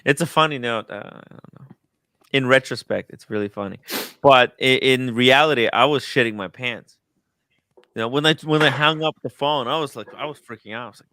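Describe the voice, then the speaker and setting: A man hosting a live stream, reacting to a video and reading chat in casual, excitable talk with swearing. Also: medium pitch, a little fast, dry recording, clean studio sound. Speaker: streamer host.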